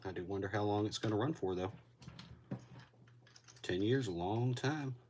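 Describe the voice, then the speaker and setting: A man's voice: on the low side, normal speed, darkish tone, a little hiss or hum. A man getting over a cold, a little winded, chatting casually to a live-stream audience while he builds. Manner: laid-back, rambling, reacts to chat. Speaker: LEGO builder streaming to chat.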